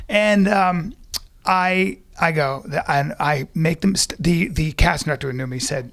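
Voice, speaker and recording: High-voiced, gravelly podcast host. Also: male voice, unhurried. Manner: animated storyteller who swears casually. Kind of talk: casual podcast chat.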